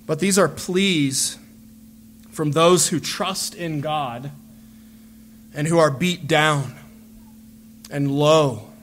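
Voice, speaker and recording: A man preaching a sermon as a pastor, earnest and deliberate, repeating phrases as he builds a point. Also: on the high side, fairly bright tone, a little hiss or hum.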